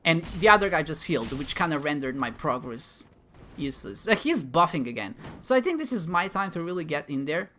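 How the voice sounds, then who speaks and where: A man's voice: fairly high pitch, sing-song, fairly quick, bright, forceful tone, slight background noise. A man giving playful, self-mocking commentary as he plays a game, talking back to enemies. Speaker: gamer, video host. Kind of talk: live gameplay commentary.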